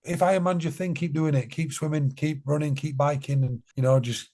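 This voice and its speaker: Brisk and dark-toned, his slightly high voice holds steady as he chats casually on a podcast. The guest, a charity co-founder, speaks bluntly and earnestly, repeating phrases to stress them.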